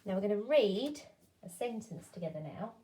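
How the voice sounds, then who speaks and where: A woman teaching a phonics lesson to young children, sounding out words slowly and clearly and encouraging them to join in. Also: medium pitch, big pitch swings, mellow.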